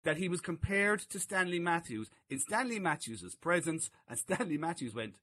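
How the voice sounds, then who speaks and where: A man's voice: fairly high pitch, lively intonation, moderate pace, sharp tone, slight background noise. A man co-hosting a podcast, telling amused anecdotes in casual chat. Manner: chatty anecdotes, amused, laughing asides. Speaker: co-host.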